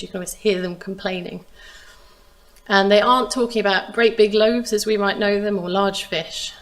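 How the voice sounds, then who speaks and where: A woman preaching a sermon, retelling a Bible story in a measured, expressive way. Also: medium pitch. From England. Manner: measured, expressive reading of scripture.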